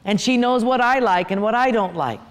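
A middle-aged male pastor preaches a sermon at a moderate pace in a high voice. He weaves playful, humorous stories and lively asides into his teaching, and a long reverb makes his words fill a large hall.

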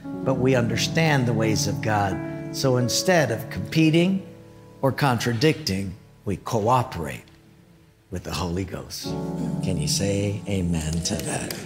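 A male pastor preaching a sermon in an expressive storytelling manner. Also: lowish voice, unhurried, loud music behind the voice.

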